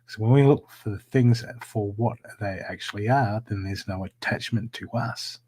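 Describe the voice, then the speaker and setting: A man doing live-stream card readings, talking warmly and repetitively to viewers by name. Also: fairly low pitch, moderate pace. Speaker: psychic reader.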